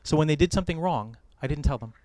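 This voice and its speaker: American male wedding officiant, middle-aged, quick and dry-miked, playful advice-giver. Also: fairly high pitch, dry recording. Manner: warm joking advice, gentle storytelling. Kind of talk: wedding ceremony address. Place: outdoor or hall wedding ceremony.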